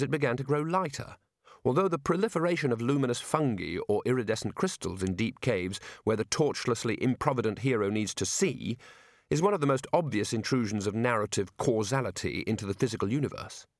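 Expressive male audiobook narrator, dry sound. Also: medium pitch, brisk, dry recording. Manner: wry, expressive storytelling. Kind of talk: scripted narration.

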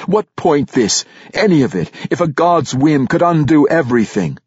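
Expressive male audiobook narrator. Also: on the high side, normal speed, hardly any pauses, breathy edge, no room sound, dull audio. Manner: expressive, dramatic storytelling. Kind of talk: scripted fantasy narration.

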